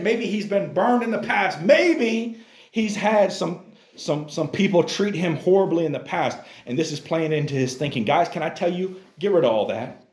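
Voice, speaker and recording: Man preaching a Bible lesson, emphatic, a little high-pitched, roomy echo. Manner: emphatic, keeps addressing the listeners as guys. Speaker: Bible class teacher.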